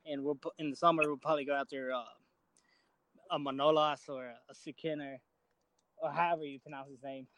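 A man on a football discussion panel who speaks hesitantly, with many pauses and restarts. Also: fairly high pitch, steady tone, fairly bright tone, dry recording, rough recording. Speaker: podcast panelist.

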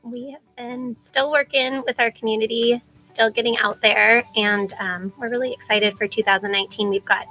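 A woman's voice: a little high, steady tone, moderate pace, few pauses, bright, forceful tone, soft background music, low-quality recording. A woman who is a mother, guesting on a radio show in a studio, chatty and laughing a lot. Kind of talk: casual chat on radio.

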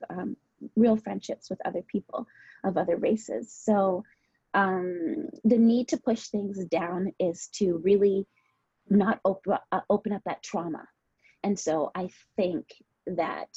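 A woman's voice: medium pitch, warm tone, husky, dry recording, lo-fi sound. A woman guest speaking candidly and reflectively about painful memories in a personal conversation, tearful at times. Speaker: podcast guest.

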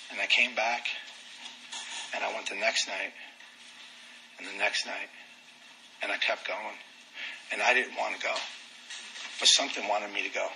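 A man candidly telling his own recovery story, animated and self-deprecating. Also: fairly low pitch, gravelly, background noise. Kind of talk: personal testimony talk.

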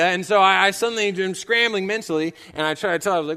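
A man's voice: a little high, expressive, brisk, sharp tone. A young male pastor preaching a sermon, telling a story casually with frequent fillers. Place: church sanctuary. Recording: long church reverb.

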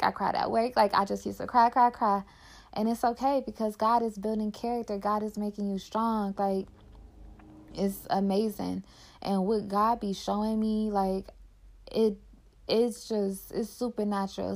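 A woman's voice: medium pitch, gravelly. A young woman podcaster talking candidly and heartfelt in casual personal reflection, filling her talk with "like". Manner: candid and heartfelt, heavy use of "like".

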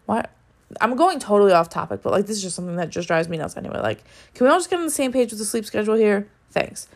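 A woman's voice: mid-range voice, big pitch swings, very fast. Candid, cursing young woman ranting. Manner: candid, profane, ranting with frequent "like" fillers. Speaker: podcast host. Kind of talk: casual solo podcast monologue.

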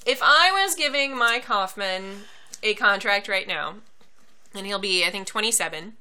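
A young woman co-hosting a casual podcast chat, talking quickly with frequent laughs and asides. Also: mid-range voice, bright, forceful tone, smooth. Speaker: podcast co-host.

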